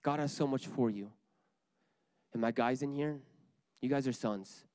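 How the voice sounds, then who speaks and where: A man's voice: medium pitch, a little slow, a little mellow, clear, resonant tone, no room sound. A young man giving an earnest sermon to a church group, repeating his key lines for emphasis.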